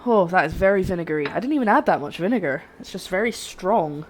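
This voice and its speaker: A woman's voice: fairly low pitch, expressive, fast talker, slight background noise. A young woman streaming herself cooking, chatting and rambling to her viewers while she works in her home kitchen. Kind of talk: live-stream cooking chat. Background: faint background music.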